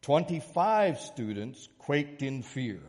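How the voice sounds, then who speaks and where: A man preaching a sermon, moving between a soft prayer and a lively illustration. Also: medium pitch, takes it slowly, big-room sound. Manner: storytelling, shifts from soft prayer to lively anecdote. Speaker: pastor.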